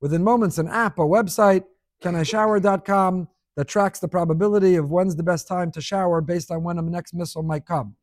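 A man's voice: sits high, brisk, darkish tone, no echo, studio quality. A middle-aged man giving an emphatic sermon, repeating key words and asking rhetorical questions.

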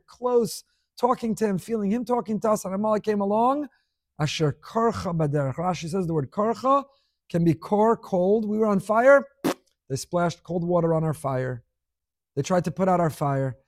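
A man's voice: high voice, darkish tone, no room sound, clean studio sound. A middle-aged man giving an emphatic sermon, repeating key words and asking rhetorical questions.

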